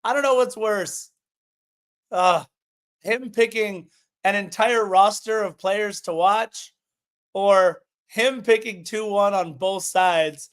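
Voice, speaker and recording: A man co-hosting a casual sports podcast, animated and opinionated as he previews a match. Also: sits high, takes it slowly, smooth. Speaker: podcast co-host.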